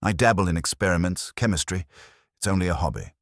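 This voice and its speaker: A man's voice: deep voice, quick pace, no room sound, studio quality, voice pushed up. A man reading a nervous, breathless businessman who stammers his denials.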